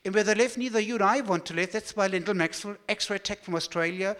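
German man, high voice, animated storyteller at a talk, large echoing hall. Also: quick pace. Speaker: speaker giving a talk.

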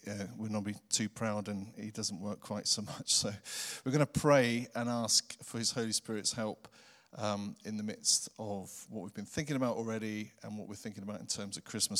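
English preacher in an echoing church. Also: male voice, lowish voice. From England. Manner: animated, jokey, with sudden loud emphasis. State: recovering from a virus. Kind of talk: sermon. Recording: long church reverb.

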